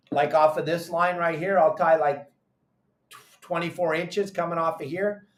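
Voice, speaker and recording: Emphatic middle-aged male host, fairly high voice, hammers points home, roomy echo. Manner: animated, emphatic, repeats instructions. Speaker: fishing show host. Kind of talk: call-in fishing advice show. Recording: echoey room.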